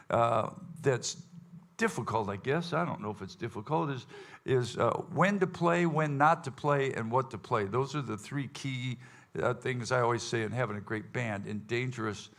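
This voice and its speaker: Gravelly folksy bandleader man. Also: mid-range voice, fairly bright tone. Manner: rambling, folksy, many fillers and restarts. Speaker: bandleader hosting a audience Q&A. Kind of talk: casual chat with a live audience. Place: event hall with live audience.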